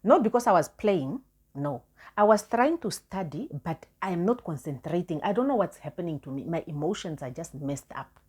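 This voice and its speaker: A woman's voice: on the low side, expressive, normal speed, a little mellow, husky. A woman vlogger candidly telling a personal story, repeating herself for emphasis.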